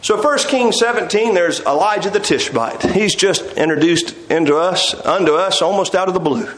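A man's voice: high voice, normal speed. A man preaching a sermon, telling the story with animation and acting out the quotes. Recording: echoey room.

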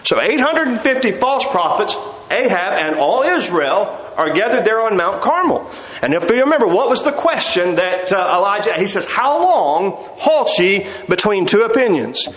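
A man's voice: sits high, big pitch swings, normal speed, fairly bright tone. A man preaching a sermon, telling the story with animation and acting out the quotes. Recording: echoey room.

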